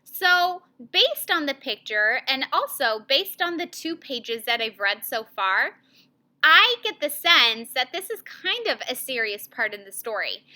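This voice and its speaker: A woman teacher giving an online reading lesson to children, modeling reading aloud in a slow, clearly paced way. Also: sits high, sharp tone.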